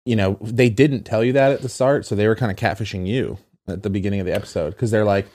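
Laid-back low-voiced man, laughing often. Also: fast talker, a little mellow. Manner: laid-back, laughs often, adds short agreeing asides. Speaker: podcast co-host. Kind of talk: casual chat.

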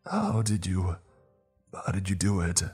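Guy doing a wrecked young prisoner, voice pushed up high and strained, pleading then sneering, deep husky voice underneath. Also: measured pace, darkish tone, soft background music, full character voice. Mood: desperate. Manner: pleading, then taunting and bitter. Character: broken, desperate young man prisoner.

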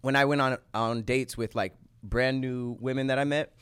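A man's voice: mid-range voice, fairly even intonation, moderate pace, a bit bright, clean tone. A man appearing as a podcast guest, telling stories in casual chat with frequent stammering restarts. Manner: chatty storyteller, stammering restarts.

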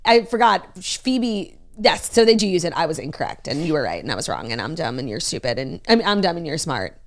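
A young woman co-hosting a casual pop-culture chat, talking fast and animated, with lots of fillers and sarcasm. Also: sits low. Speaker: podcast co-host.

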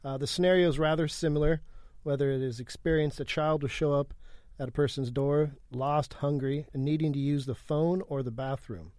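A man podcast host reading research notes aloud in a monotone. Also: on the high side, moderate pace, no room sound, clean studio sound. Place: studio.

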